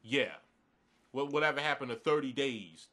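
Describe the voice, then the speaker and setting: A man's voice: medium pitch, moderate pace, pushed and bright. A man giving a blunt, profane, rambling review of a wrestling event in a casual rant, groggy this morning.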